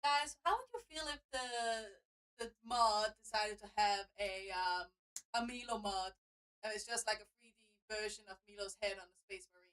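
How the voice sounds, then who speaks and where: A woman co-hosting a livestream, chatting casually and pitching joking ideas with hesitant fillers. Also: moderate pace, fairly bright tone, low-quality recording.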